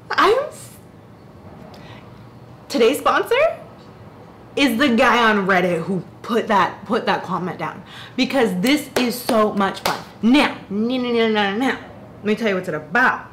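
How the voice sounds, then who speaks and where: Animated rambling young woman. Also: fairly high pitch, measured pace, pauses often, slight background noise. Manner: animated, rambling, self-interrupting. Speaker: book reviewer. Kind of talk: casual chat.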